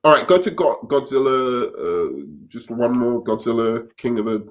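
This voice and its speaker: A man's voice: mid-range voice, lively intonation, normal speed. A man joining a casual live stream as guest co-host, speaking hesitantly and often stumbling and restarting.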